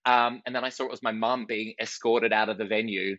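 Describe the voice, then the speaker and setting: A thirty-year-old comedian from Western Australia, interviewed casually as a guest, tells quick, self-mocking stories and acts out quotes. His voice is fairly low, steady, and a bit bright, recorded with no room sound and the highs cut off.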